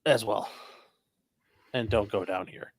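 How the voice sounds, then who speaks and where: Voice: mid-range voice, slow, breathy edge. A livestream host chatting casually and joking while reacting to a trial. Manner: joking, teasing.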